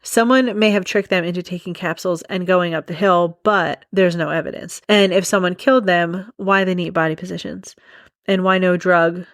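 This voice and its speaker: A woman's voice: lowish voice, steady tone, moderate pace, dry recording, studio quality. A young woman hosting a casual true crime podcast, rambling off on tangents and laughing often. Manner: rambling, giggly, goes off on tangents. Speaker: podcast host.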